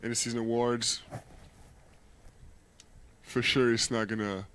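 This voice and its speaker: A man co-hosting a casual sports talk show, speaking in a measured, thoughtful and slightly hesitant way. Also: medium pitch, little pitch movement, fairly bright tone, slight background noise.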